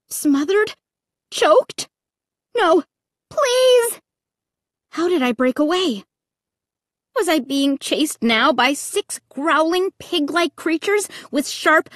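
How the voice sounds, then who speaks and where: A woman narrating a first-person audiobook in a dramatic, expressive reading that breaks into shrieks. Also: high voice, no echo, clean studio sound.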